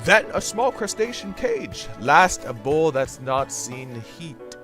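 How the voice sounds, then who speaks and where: A man voicing a pompous old male oracle in a mock-solemn tone, slowly reciting rhymes. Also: on the high side, big pitch swings, fairly bright tone, soft background music, pitched above the performer's own voice, heavily acted.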